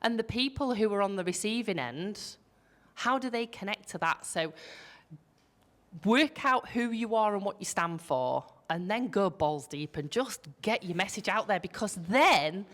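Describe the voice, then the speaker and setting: A woman's voice: medium pitch, lively intonation, a little slow, a bit bright. A woman with a Yorkshire accent, talking on a business panel in a blunt, salty storytelling way, swearing freely. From Yorkshire, England. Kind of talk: casual panel discussion.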